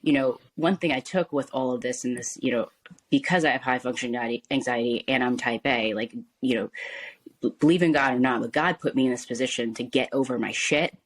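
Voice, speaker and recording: A woman's voice: very deep voice, fairly quick. A woman in her thirties talking casually and frankly as a podcast guest, with frequent "like" and "you know" and ready laughter.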